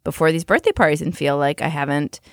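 A woman's voice: deep voice, quick pace, dry recording, clean studio sound. A woman in her thirties co-hosting a podcast, telling self-deprecating stories in casual chat, laughing often. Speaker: podcast co-host.

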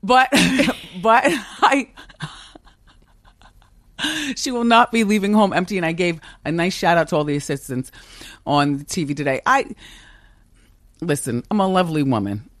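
A woman's voice: fairly low pitch, a little slow, long pauses, a bit bright, no echo. A woman in her fifties with a strong, commanding voice, talking candidly and emphatically in an interview, often laughing. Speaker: talk show host as podcast guest. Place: office with a kitchen upstairs.

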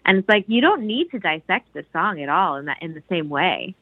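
A woman's voice: fairly low pitch, lively intonation, fairly quick, slightly rough, no echo. A woman on a podcast, chatting casually and enthusiastically about a song, full of restarts and fillers. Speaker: podcast co-host discussing a song. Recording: dull lo-fi podcast audio.

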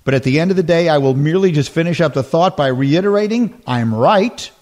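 A man's voice: a little high, fast, warm tone. Emphatic man hosting sports radio. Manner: emphatic, repeats his points.

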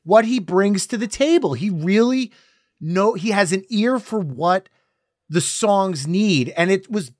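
A man's voice: high voice, animated, a little slow, a little mellow, no echo, studio quality. A middle-aged man hosting a podcast, chatting with an enthusiastic, friendly manner. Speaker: podcast host. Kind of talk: casual podcast chat.

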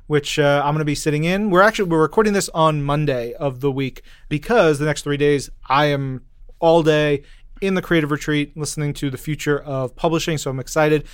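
Male podcast host, upbeat and jokey, clean, fairly high voice. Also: smooth, no room sound, studio quality. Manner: upbeat, joking, quick asides. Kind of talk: casual podcast chat.

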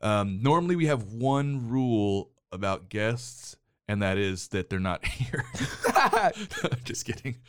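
A man's voice: mid-range voice, big pitch swings, slow, few pauses, smooth, no echo. A middle-aged man co-hosting a casual movie podcast as a father, talking in a wry, teasing, mock-exasperated way from a studio booth.

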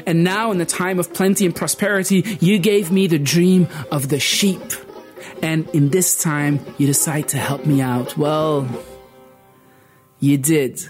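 A man voicing a wise, stern old snake in a told story, speaking in a measured, reproachful way. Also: fairly high pitch, steady tone, faint music behind, close to an everyday voice.

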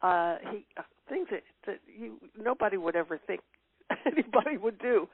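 A woman's voice: medium pitch, animated, moderate pace. An older woman as an interview guest, reminiscing in casual chat with frequent fillers and laughs. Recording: tinny phone-line sound.

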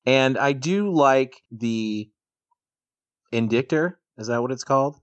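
A man's voice: mid-range voice, expressive, takes it slowly, no room sound, dull audio. A man on a casual podcast panel, laughing and poking fun at himself.

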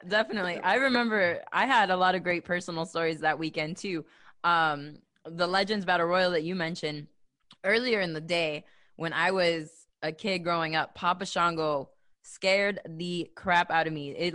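Chatty, excitable woman in conversation. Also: lowish voice, moderate pace. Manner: chatty and excitable, gushing about fond memories. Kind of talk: casual chat.

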